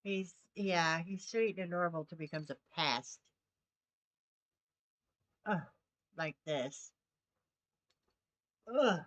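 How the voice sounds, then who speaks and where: A woman's voice: on the low side, takes it slowly, pauses often, a bit bright. A woman streaming a game, chatting casually and baby-talking to her cat. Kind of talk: casual live-stream chat.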